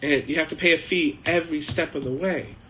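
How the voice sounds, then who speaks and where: Middle-aged male streamer, casual anecdotal chat, slightly higher voice, light background noise. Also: fairly quick, fairly bright tone, lo-fi sound. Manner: rambling, anecdotal, frequent uh and um fillers. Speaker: host of a live chat stream. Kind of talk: casual storytelling monologue. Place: home shed, living in China.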